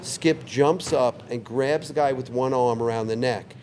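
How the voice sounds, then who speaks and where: A man in his sixties, a longtime bar owner, telling a story in a relaxed, vivid way on a couch in his bar. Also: medium pitch, measured pace, slight background noise. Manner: relaxed, vivid anecdote teller who acts out quoted lines. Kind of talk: casual storytelling interview.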